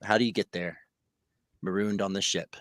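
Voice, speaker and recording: A man's voice: deep voice, fairly even intonation, moderate pace, fairly bright tone, no room sound. A young man narrating as game master of a comedy tabletop game, rambling with fillers and laughing often.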